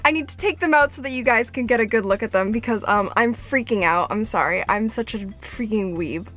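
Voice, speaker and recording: A high-pitched woman vlogger gushing over an unboxing, her voice jumping up into squeals when she gets excited. Faint music plays underneath. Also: brisk.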